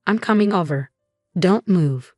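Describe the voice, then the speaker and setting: Brisk, caring young woman friend, read by a woman narrator. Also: fairly low pitch, expressive, no room sound, soft background music. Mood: concerned.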